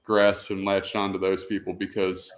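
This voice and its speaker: A man, a podcast host in casual chat, crude and teasing, laughing loudly. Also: low voice, completely flat delivery, normal speed.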